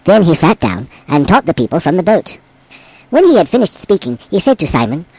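A man reads scripture with a lively, rising and falling voice, giving the story colour. He sounds close and dry, with no room echo. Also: fairly high pitch, fairly quick, slightly rough. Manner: expressive, voices the quoted speakers. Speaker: abbot reading scripture. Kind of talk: expressive scripture reading.

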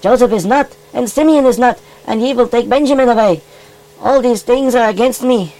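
A man's voice: extremely high pitch, normal speed, darkish tone, low-quality recording. A man voicing a cheerful, folksy furry animal rabbi who reads scripture aloud with emphatic, old-fashioned phrasing. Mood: storytelling. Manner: folksy, emphatic King James reading. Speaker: scripture reader. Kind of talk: puppet-style children's Bible reading.

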